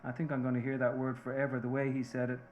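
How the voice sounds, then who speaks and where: A man reading the part of a remorseful Irish-American mother, a seamstress, confessing earnestly and haltingly to her husband. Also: mid-range voice, monotone, lo-fi sound, slight background noise, natural voice.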